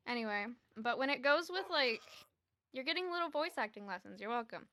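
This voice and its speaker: A young woman streaming a game, chatting casually and laughing often. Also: sits high. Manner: chatty, excitable, quick to laugh. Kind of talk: casual gaming stream chat.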